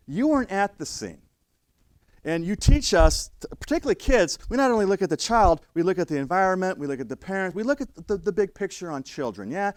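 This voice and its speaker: A middle-aged man lectures emergency responders in a classroom, telling stories in a blunt, conversational way and acting out the voices he quotes. His voice sits high and sounds animated, a little fast, with no room sound.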